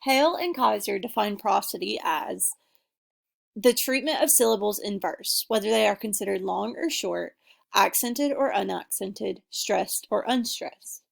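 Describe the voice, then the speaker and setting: A young woman giving a class presentation, reading her points in an earnest, measured way. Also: medium pitch, gravelly. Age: young adult. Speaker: student presenter. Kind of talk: class presentation, read from notes.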